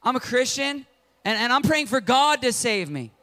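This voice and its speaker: Brief: a man acting out a high-voiced, frantic flood victim, pleading. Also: expressive, moderate pace, pushed and bright, full character voice. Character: desperate praying man stranded in a flood.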